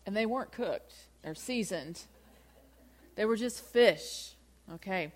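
A woman's voice: mid-range voice, lively intonation, takes it slowly. A woman giving a conversational Bible teaching, talking through the passage and asking her listeners rhetorical questions. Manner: chatty, asks rhetorical questions.

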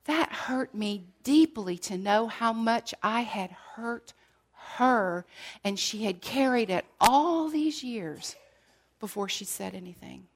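A middle-aged woman with a fairly high, expressive voice delivers an emotional sermon at a slow pace. She shares her testimony earnestly, her voice sinking to near whispers at the most painful moments.

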